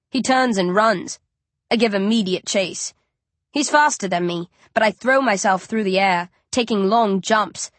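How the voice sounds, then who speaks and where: A woman narrating a first-person story for an audiobook in a measured, tense storytelling voice. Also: medium pitch, no room sound.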